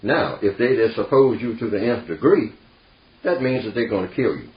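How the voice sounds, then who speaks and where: Here the man leading the informal discussion talks at normal speed in an expressive, lowish voice. He stays emphatic and folksy, sprinkling in "see" and "you know," captured in an echoey room with dull lo-fi sound.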